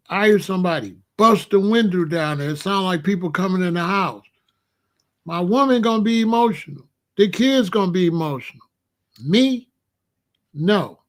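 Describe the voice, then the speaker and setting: A middle-aged man, giving emphatic, repetitive monologue commentary. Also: high-pitched. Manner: preachy, emphatic, repeats himself.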